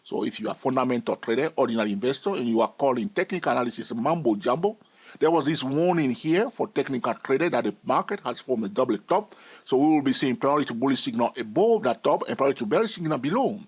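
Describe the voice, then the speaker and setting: Male trading educator, husky tone, animated intonation, emphatic and repetitive. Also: medium pitch, fast talker. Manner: emphatic, repeats key phrases. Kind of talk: chart analysis lesson.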